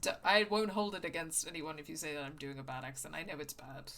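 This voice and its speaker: Let's play host: woman, lowish voice, casual wry commentary, swears freely. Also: steady tone, fast. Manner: wry, swears, self-mocking asides.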